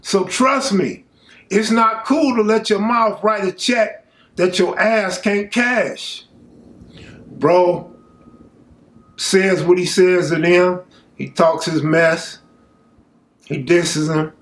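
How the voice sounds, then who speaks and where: A man telling a true story from his own life in a casual, animated way, full of street slang and asides to the viewer. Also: high-pitched, takes it slowly, pauses often.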